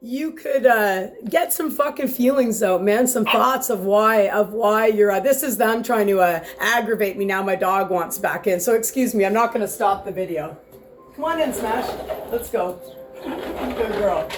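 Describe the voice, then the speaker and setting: A woman's voice: mid-range voice, slight background noise. A woman vlogging from home in a casual, heated rant, rambling and swearing with lots of restarts, filmed by a camera set far back in the room. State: sore back.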